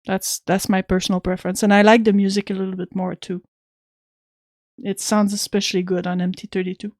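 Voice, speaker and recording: Woman streamer gabbing w/ chat about old games, dry no-room sound, avg pitch. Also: flat delivery, a little fast, a little mellow, dry recording. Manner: chatty, thanks viewers, reads game text aloud. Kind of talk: casual game stream chat.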